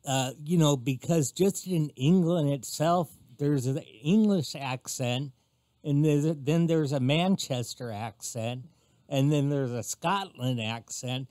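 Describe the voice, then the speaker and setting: A man's voice: a little high, takes it slowly, a little mellow, dry recording, studio quality. A man co-hosting a radio talk show, joking around and stammering as he starts. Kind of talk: casual radio chat.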